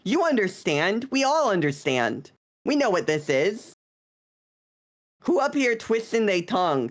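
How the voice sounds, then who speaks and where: A woman's voice: mid-range voice, sing-song, unhurried. A woman streamer chatting casually on a live stream, teasing and bratty in a playful way.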